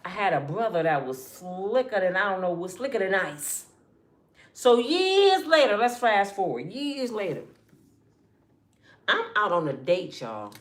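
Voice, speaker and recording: A woman telling a personal story in casual slang, often addressing listeners as y'all and acting out what people said, dropping to a hush or rising with feeling. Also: medium pitch, a little slow. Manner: animated, acts out quotes with hushed and raised voices. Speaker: storyteller speaking to her audience.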